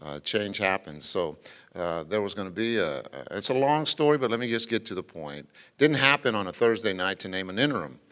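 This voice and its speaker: A middle-aged man who once served as school superintendent gives an informal dedication speech at a ceremony venue before an audience. His lowish, somewhat bright voice is very animated and fairly quick, and a long reverb tail trails his words. He is folksy and rambling, full of anecdotes, fillers and restarts.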